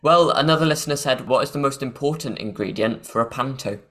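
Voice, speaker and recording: A man's voice: mid-range voice, fast talker, a bit bright. A man hosting an interview, reading out listener questions in a friendly way. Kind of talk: casual interview chat.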